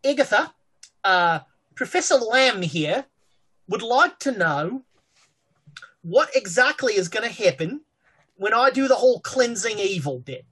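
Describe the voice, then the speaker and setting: A woman narrating as game master of a tabletop horror game, pausing often with fillers. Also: a little high, big pitch swings, fairly bright tone, husky. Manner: hesitant, many fillers while narrating.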